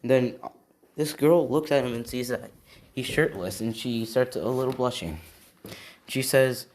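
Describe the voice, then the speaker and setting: A man's voice: mid-range voice, normal speed, darkish tone, a little hiss or hum. A man telling an improvised fan story in a rambling way, with many restarts and tag questions. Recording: echoey room, faint typing.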